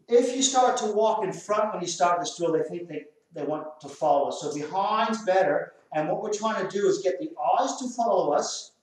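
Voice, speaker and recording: An Australian man, a dog trainer, explains a drill while giving firm short commands to dogs. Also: high voice. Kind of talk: hands-on training demonstration. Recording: very echoey, far from the mic.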